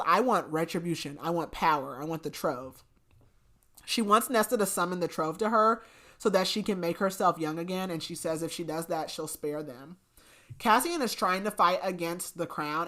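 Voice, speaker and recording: A woman's voice: on the low side, animated, normal speed, a bit bright. A woman co-hosting a podcast, chatty, retelling a story with lots of filler words. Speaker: podcast co-host. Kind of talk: casual book recap chat.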